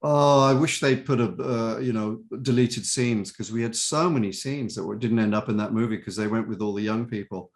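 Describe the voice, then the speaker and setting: An older man, an actor guest in an interview, telling chatty, animated anecdotes and sometimes quoting other people's voices. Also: fairly low pitch, a little fast, few pauses.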